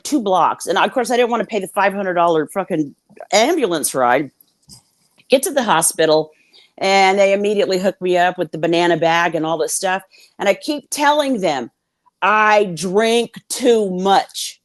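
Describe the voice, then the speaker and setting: A woman speaking as a guest over a video call, with a fairly low voice and a dry, close sound that has no room echo. She is blunt and swears freely, and she acts out what others said as she tells her story. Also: expressive, fairly quick. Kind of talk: candid storytelling in a conversation.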